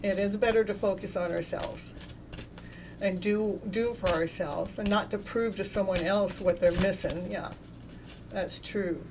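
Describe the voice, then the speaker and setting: A woman's voice: medium pitch, steady tone, measured pace, noisy background. A woman hosting a live tarot reading who chats with viewers by name, laughs often and trips over and repeats her words. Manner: talks to viewers in the chat by name. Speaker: tarot reader and show host.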